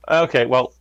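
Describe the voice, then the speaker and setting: Guy player, slow methodical questions, muffled lo-fi mic, dry. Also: dry recording. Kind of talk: tabletop role-play. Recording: dull lo-fi mic.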